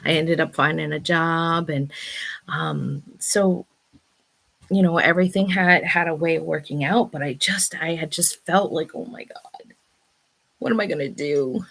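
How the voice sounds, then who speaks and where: A woman's voice: low-pitched, animated, normal speed, vocal fry, a bit bright. A woman in her thirties telling a personal story in a chatty, casual vlog, often exclaiming "oh my God.". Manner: chatty, breathless retelling with many "oh my God"s. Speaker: vlog host. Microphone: new microphone being tested.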